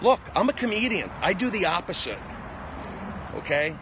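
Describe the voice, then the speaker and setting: Man, comedian, ranting live stream, combative, jumpy pitch, fairly high voice, faint street noise, phone at arm's length. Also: sing-song, moderate pace. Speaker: comedian livestreaming. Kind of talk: rambling live stream monologue. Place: outdoors on a city walk.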